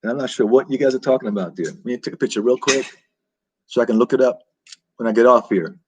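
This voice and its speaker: A man's voice: mid-range voice, fast, a little mellow, slight background noise. A man hosting a casual live-stream chat, rambling and reacting aloud to viewer comments. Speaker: vlog host reading live chat.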